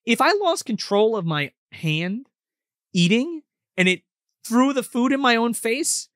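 Profane man with lively pitch. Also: measured pace, no echo, clean studio sound. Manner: profane, jokey, acts out quoted characters. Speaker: podcast co-host. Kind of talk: casual movie recap chat.

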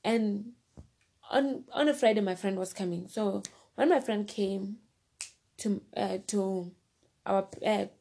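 A woman's voice: mid-range voice, slow pace, vocal fry, long pauses, mellow, husky. A woman casually telling a personal story, rambling and repeating herself, often turning to the listener directly. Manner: rambling, repeats phrases and fillers.

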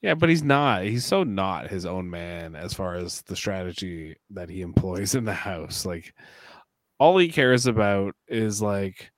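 A man with a fairly low voice co-hosts a podcast in relaxed, rambling chat. He gives blunt opinions, padded with lots of "like" and "you know." The sound is dry and close, with little room to it. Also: unhurried, no room sound. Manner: opinionated, rambling with many fillers. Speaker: podcast co-host. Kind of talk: casual chat.

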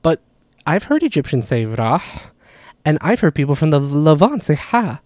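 A man who is not a native Arabic speaker explains grammar in a relaxed, chatty teaching style, full of asides. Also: a little high, normal speed, dry recording. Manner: relaxed, chatty, frequent "like" and "you know" asides. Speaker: language teacher. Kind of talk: casual explanatory lesson.

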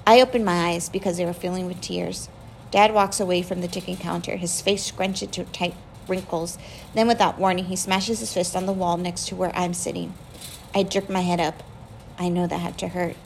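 Gravelly woman reading a novel aloud. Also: lowish voice, moderate pace, a little hiss or hum, poor audio. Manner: emotional, expressive reading. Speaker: audiobook reader. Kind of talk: first-person novel narration.

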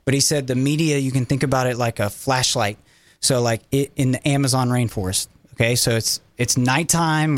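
A man explains market matters in an animated, rambling way, full of fillers and restarts. His voice sits in a middle register. The sound is dry and close. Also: medium pitch, no echo. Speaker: finance guest. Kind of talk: casual chat.

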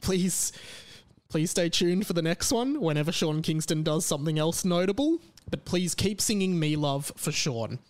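Brief: chatty podcast host, fairly high voice, loose and rambling. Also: male voice, lively intonation, moderate pace. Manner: chatty, rambling plugs with fillers. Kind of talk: casual podcast chat.

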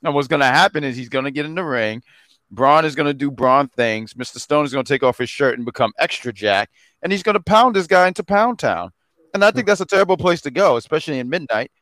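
A man co-hosting a podcast in casual chat, animated and prone to laughing and tripping over his words. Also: fairly high pitch, fast talker, no room sound. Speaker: podcast co-host.

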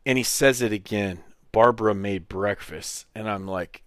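Man, thirties, podcast host, casual storytelling, low voice, dry close sound. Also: moderate pace, few pauses, no room sound. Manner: animated storyteller who acts out quoted voices, swears freely.

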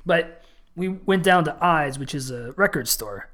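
Guy cohosting a podcast, animated storyteller, swears a lot, voice bounces all over. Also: fairly high pitch, unhurried. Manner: animated, laughing, profane. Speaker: podcast co-host. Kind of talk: casual chat, storytelling.

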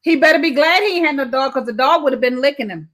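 A woman's voice: sits high, fast, fairly bright tone. A woman co-hosting a casual podcast chat, emphatic, repeating words and laughing often. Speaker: podcast co-host.

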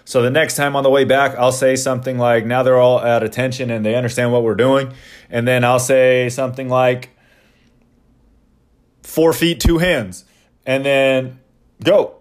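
A man's voice: mid-range voice, brisk. Easygoing man, coach telling a story. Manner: relaxed storytelling with frequent fillers. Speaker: basketball coach. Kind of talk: casual explanation.

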